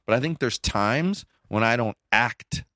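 Blunt middle-aged podcast co-host, lively pitch, dry close sound. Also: male voice, unhurried, no echo. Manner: blunt, emphatic, swings up in pitch when making a point. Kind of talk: casual chat.

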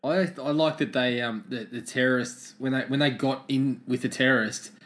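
A man with a mid-range voice who reviews films in a casual chat. He speaks in a measured, thoughtful way and sometimes hesitates. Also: mid-range voice, steady tone, a bit bright.

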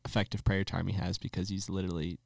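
A man's voice: low voice, flat delivery, quick pace, gravelly, darkish tone, dry recording, studio quality. A young man in casual chat who reflects and steers the talk toward faith.

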